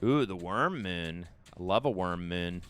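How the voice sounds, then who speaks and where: A man streaming a game live, talking through it with animated, self-mocking banter. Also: low-pitched, unhurried. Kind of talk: live gameplay commentary.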